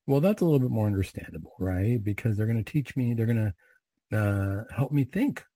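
A middle-aged man who leads recited prayers, then gives a measured, conversational spiritual reflection. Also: lowish voice, animated, mellow, no room sound, low-quality recording. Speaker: Catholic prayer leader and speaker.

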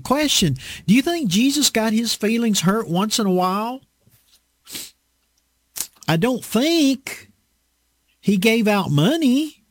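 A man's voice: high voice, big pitch swings, slow pace, pauses often, no echo. A man preaching a casual, conversational sermon, folksy and emphatic, often repeating his points.

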